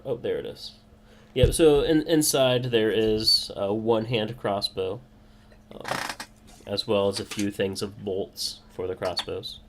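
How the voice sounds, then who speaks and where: Male game master, low, relaxed and halting narration over light background noise. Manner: loose, hesitant with many fillers.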